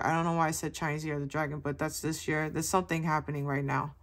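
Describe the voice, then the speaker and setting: Tarot reader, woman, low-pitched voice, casual and chatty delivery with a loose mouth. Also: level tone, fast. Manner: chatty, casual, addresses viewers as baby. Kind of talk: casual spoken tarot reading.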